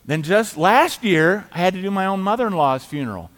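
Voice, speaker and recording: A middle-aged man preaching a sermon as pastor, telling the story in a conversational way, acting out quoted voices and dropping quiet for emphasis. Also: high voice, lively intonation, brisk. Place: church sanctuary. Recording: church hall reverb.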